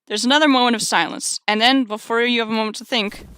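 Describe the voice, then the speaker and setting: Bright woman reading a game aloud. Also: a little high, steady tone, fast, clean tone, no echo, clean studio sound. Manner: playful, wry asides. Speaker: streamer. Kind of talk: reading a visual novel aloud.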